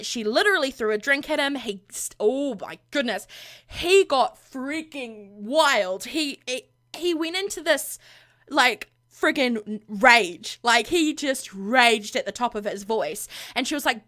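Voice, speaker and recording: A woman's voice: high-pitched, moderate pace. A woman gaming vlogger animatedly retelling her game household's drama in a casual, gossipy way. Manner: animated, gossipy, full of fillers.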